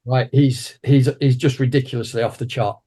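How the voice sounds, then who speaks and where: A man in his sixties, an interview guest and martial arts teacher, telling an anecdote with lively restarts. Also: mid-range voice, moderate pace. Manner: animated anecdotal storyteller with frequent restarts. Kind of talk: conversational interview storytelling.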